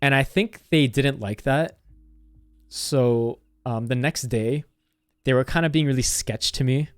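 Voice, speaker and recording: A man's voice: mid-range voice, a little slow, smooth, no echo, studio quality, faint music behind. A young man streamer casually telling a story, rambling with constant "like" fillers and swearing.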